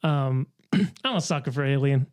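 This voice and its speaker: A man's voice: mid-range voice, moderate pace, a little mellow, clear, resonant tone, dry recording, clean studio sound. A man co-hosting a casual podcast, enthusiastic about what he likes. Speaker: podcast co-host. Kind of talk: casual chat.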